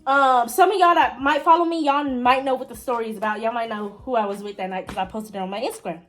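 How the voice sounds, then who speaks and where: With faint music behind her, a young woman rattles off a story to her viewers at a fast clip. She keeps it chatty and speaks right to them, and her pitch jumps a lot in the excited moments.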